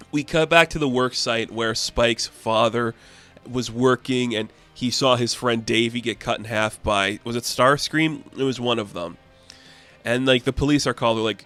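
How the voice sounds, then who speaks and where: A man talks through a comic book in a loose, rambling way, leaning on fillers as he goes. He slips into quick put-on voices for the characters now and then, over his middle-pitched everyday voice. Faint music plays underneath. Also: fairly bright tone. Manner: rambling, full of "like" fillers, playfully acts out characters' lines. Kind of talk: casual comic recap.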